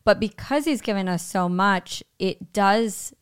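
A woman co-hosting a podcast in earnest casual talk, her voice a little hoarse as it recovers. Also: medium pitch, measured pace. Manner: earnest, frequent affirmations. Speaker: podcast co-host.

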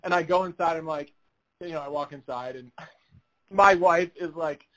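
A man with a notably high-pitched voice tells a story on a casual podcast. He acts out the other people's lines and breaks into laughter along the way. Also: moderate pace, low-quality recording. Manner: animated storyteller, laughs while telling, acts out quotes. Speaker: podcast co-host.

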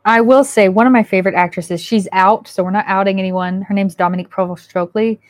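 A woman's voice: mid-range voice, fast talker, no echo. A woman hosts a podcast, telling stories candidly and with plenty of life, often dropping into little quoted voices. Her voice sits in a middle range and sounds close and dry, with hardly any room around it. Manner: candid, animated storyteller with quoted asides. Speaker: podcast host. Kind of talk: casual chat.

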